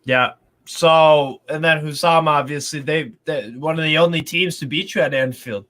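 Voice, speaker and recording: A man talking casually about football as a fan on a panel, animated and repeating words as he goes. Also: a little high, normal speed.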